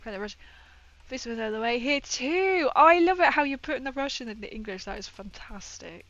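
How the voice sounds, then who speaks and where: A woman hosting a casual live stream while she paints miniatures, chatting excitedly and greeting her viewers. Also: fairly high pitch, moderate pace, highs cut off. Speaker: livestream host painting miniatures. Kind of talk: casual livestream chat.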